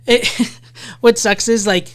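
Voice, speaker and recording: Young woman chatting on a podcast, super eager, says like a lot, smooth clear voice. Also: a little high, steady tone, slow. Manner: eager, chatty, lots of likes. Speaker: podcast co-host. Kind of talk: casual chat.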